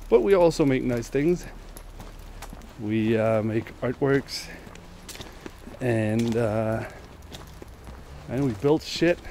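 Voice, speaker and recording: A man's voice: medium pitch, dark tone, a little hiss or hum. A man vlogging outdoors while he walks the streets, rambling casually, thinking aloud and swearing freely. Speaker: vlogger on a long walk. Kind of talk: casual walking vlog monologue.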